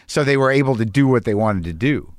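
A man's voice: mid-range voice, lively intonation, a little fast, no room sound. Man interviewer with a dry sound. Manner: probing, casual questions with "you know". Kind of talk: conversational interview.

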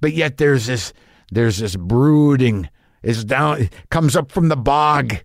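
A man's voice: mid-range voice, animated, slow pace, creaky, dry recording, clean studio sound. A man musing in a rambling casual monologue, often restarting his sentences and swearing now and then. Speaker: comedian.

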